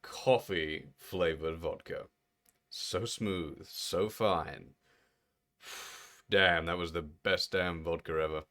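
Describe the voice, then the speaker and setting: A man's voice: deep voice, slow pace, bright, forceful tone. A man in his thirties chatting playfully with viewers on a live game stream, laughing often. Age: 30s. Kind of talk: casual live-stream chat while gaming.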